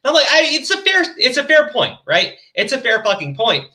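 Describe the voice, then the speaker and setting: A podcast host talking in a high, bright voice that swings all over as he rants. He swears constantly and slips into mocking voices when quoting people. His chat is loose and casual. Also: wildly swooping pitch, a little fast. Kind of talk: casual profane commentary chat.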